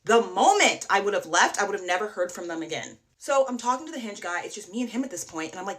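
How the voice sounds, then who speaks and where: A woman casually telling a dating horror story, rambling and animated, peppered with likes. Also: mid-range voice, fast talker, hardly any pauses.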